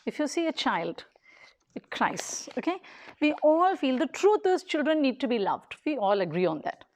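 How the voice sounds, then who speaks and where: Woman, high voice, public talk, earnest, emphatic, short repeated phrases. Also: sing-song, moderate pace. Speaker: daycare leader.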